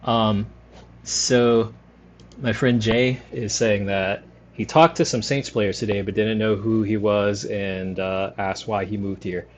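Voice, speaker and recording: A low-voiced man from the New Orleans area of Louisiana streams a game, giving casual commentary over the gameplay. He speaks slowly, relaxed and rambling, with lots of fillers, and there's a little hiss or hum.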